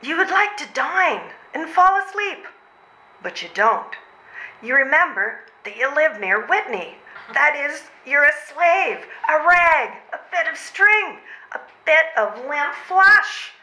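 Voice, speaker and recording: A woman's voice: sits high, sing-song, slow, bright, forceful tone, full character voice. A woman playing a frazzled, breathless civil servant mother. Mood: aggrieved complaining. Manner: overwrought, exclaiming, sighing. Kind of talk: readers' theatre stage comedy. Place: old train station before a live audience. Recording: roomy hall sound.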